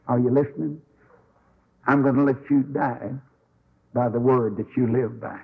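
A man preaching a sermon, telling stories in an animated, folksy way and acting out the quotes. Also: mid-range voice, measured pace, gravelly, pauses often, slightly rough, narrow, tinny audio.

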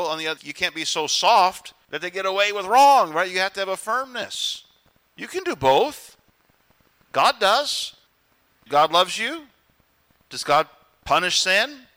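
Emphatic bright-voiced male pastor preaching. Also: high-pitched, lively intonation, normal speed. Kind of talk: sermon.

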